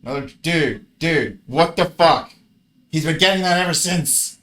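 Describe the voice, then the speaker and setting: A man's voice: fairly high pitch, measured pace, bright, forceful tone. Frustrated man cursing through a card game. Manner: frustrated, swearing, grumbling at bad luck. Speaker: card game player commentating his match. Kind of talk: casual gameplay commentary.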